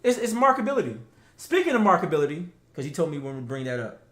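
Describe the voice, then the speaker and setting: Guy with a high voice, casual slangy show chat, laughs a lot. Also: quick pace, reverberant. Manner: animated, laughs often, slangy. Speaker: podcast co-host.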